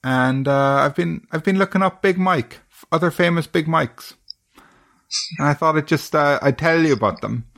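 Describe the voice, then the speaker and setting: An Irish man hosting a podcast, trading casual banter with dry, deadpan self-mocking jokes. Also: fairly high pitch, normal speed, gravelly. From Ireland. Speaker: podcast host.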